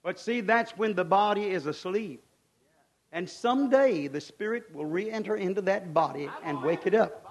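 A man preaching a fervent sermon. He swings from hushed, folksy asides to shouted climaxes and asks the congregation rhetorical questions. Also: high-pitched, animated, moderate pace.

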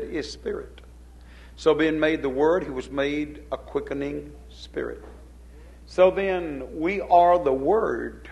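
Gravelly-voiced male preacher. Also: mid-range voice, rough recording. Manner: reads scripture in King James wording, then preaches with rising emphasis. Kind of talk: sermon.

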